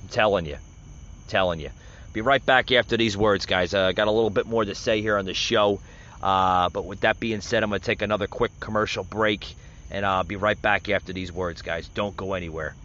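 A man hosts a political podcast, rambling through casual commentary with many filler words and restarts. His fairly low, fairly bright voice is fairly even in intonation and a little fast, on a dull lo-fi recording.

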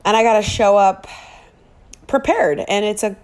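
A middle-aged woman hosts her own podcast in a personal monologue, sounding heartfelt and emotional with touches of self-deprecating humor. Her voice is medium in pitch, a little mellow, and moves at a normal speed.

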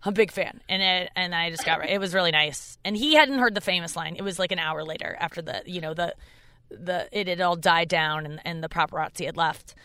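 In a dry recording, a young adult woman's smooth, bright, forceful voice moves fairly quickly. Hosting her podcast from the car, the comedian tells a rambling, self-mocking story casually and jumps way up in pitch to quote people.

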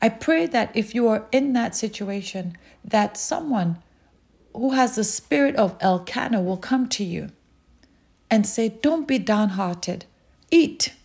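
A woman preaching a sermon, urging listeners with slow, repeated calls. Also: a little high, lively intonation, creaky, a little mellow, husky. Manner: slow, repetitive exhortation.

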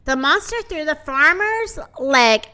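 A gloomy, dramatic farm animal from a storybook, voiced by a woman. It speaks mournfully in a high, swooping voice. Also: expressive, takes it slowly, pushed and bright, exaggerated voice.

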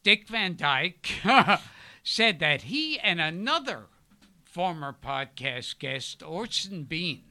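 An older man, a podcast guest, telling rambling stories in a halting way, with loud bursts of laughter. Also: a little high, big pitch swings. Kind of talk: casual storytelling chat.

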